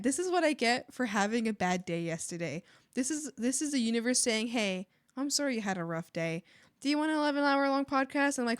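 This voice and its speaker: A woman's voice: a little high, lively intonation, brisk, no room sound, studio quality. A young adult woman streaming while she draws, chatting casually and gushing, sometimes squealing or whispering. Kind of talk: casual chat while drawing.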